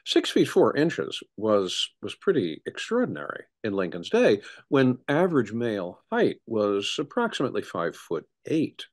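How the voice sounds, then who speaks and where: Animated male historian telling stories. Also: fairly low pitch, moderate pace, hardly any pauses. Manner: animated storyteller, frequent restarts. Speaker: historian, interview guest. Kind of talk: conversational interview.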